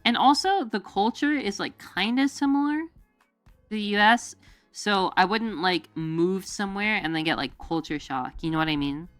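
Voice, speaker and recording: A woman's voice: mid-range voice, moderate pace, fairly bright tone, no echo. Rambling, giggly streamer woman, dry sound. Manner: rambling, filler-heavy, giggly, jumps into goofy quoted voices. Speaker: VTuber streamer. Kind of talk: casual chat to stream viewers. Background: faint background music.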